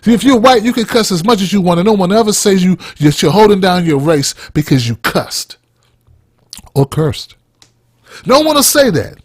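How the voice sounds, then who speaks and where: A man's voice: high-pitched, expressive, moderate pace, husky, no room sound, studio quality. A man hosting a podcast, delivering a heated, blunt opinion rant full of swearing. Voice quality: blunt, heated, heavy cursing. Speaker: podcast host.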